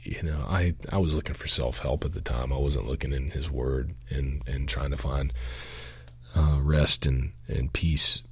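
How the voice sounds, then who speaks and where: Earnest young man, very deep husky voice. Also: fairly even intonation. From Augusta, Georgia, US. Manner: earnest, halting, many fillers and restarts. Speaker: podcast guest. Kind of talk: candid testimony.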